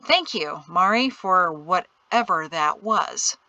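A tense, low-voiced father who speaks in hushed, clipped warnings, as a woman reads him in an audiobook. The tone is bright and the recording is dry and close, with an unhurried delivery. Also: animated, no echo, dull audio, full character voice. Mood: weary. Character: stern worried father, middle-aged man. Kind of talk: audiobook character reading.

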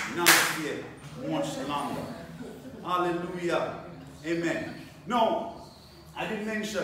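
A man's voice: on the high side, a bit bright, a little hiss or hum. A man preaching a sermon, repeating phrases and asking the congregation rhetorical questions. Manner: repetitive, rhetorical questions, call-and-response. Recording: very echoey, from a distance.

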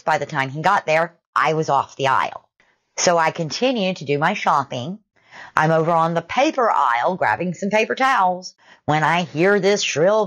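A woman telling a retail story in an animated, conversational way. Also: sits low.

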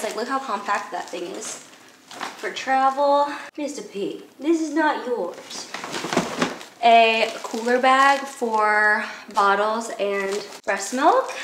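A young woman vlogs from home with a bright, slightly high voice, gushing over each thing and dropping fillers constantly. The room rings with an echo and a faint hiss sits underneath. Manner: gushing, chatty, many fillers. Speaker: vlogger. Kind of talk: casual haul vlog. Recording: roomy echo, faint noise.

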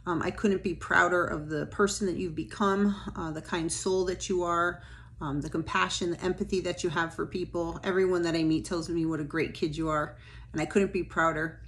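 A woman's voice: fairly low pitch, fairly even intonation, normal speed, slight background noise. A mother giving a tender, reflective recorded message to her graduating son.

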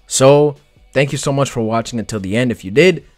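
A man's voice: mid-range voice, brisk, a little mellow, dry recording, faint music behind. A man giving a casual, slangy and profane spoken analysis of an anime, talking loosely with many fillers. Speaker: anime commentary vlogger.

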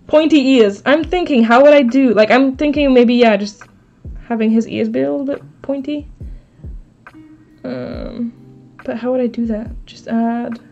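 A woman's voice: fairly high pitch, moderate pace, gravelly, darkish tone. Chatty woman streaming, faint music behind. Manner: chatty, thinks aloud, answers chat. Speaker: live streamer. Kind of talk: casual live-stream chat while crafting. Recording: slightly dull stream audio, faint background music.

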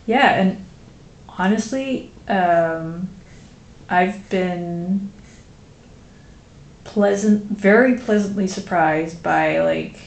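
A woman's voice: medium pitch, very slow, long pauses. A woman with a Dutch accent chatting casually with viewers on a live stream, rambling with lots of fillers. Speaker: streamer drawing a graphic novel. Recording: roomy echo with faint noise.

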